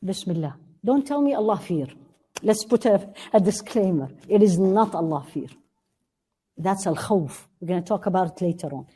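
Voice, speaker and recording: A woman's voice: fairly low pitch, animated, dark tone, slightly rough. Earnest woman teaching a religious class. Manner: earnest, asks the class questions and answers them; recites Arabic verses quickly.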